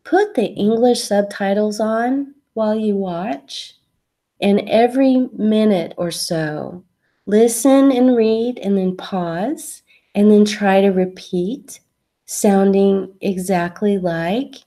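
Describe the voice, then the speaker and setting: Woman english teacher doing an online lesson, slow and patient, mellow voice. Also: mid-range voice. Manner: patient, explains step by step with examples. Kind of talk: online English lesson, answering a student's question.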